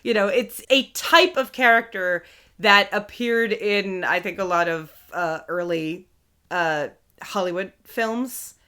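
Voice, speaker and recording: A woman co-hosting a podcast in casual chat, animated and laughing, slipping into quick character impressions as she talks. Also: mid-range voice, clean tone. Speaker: podcast co-host.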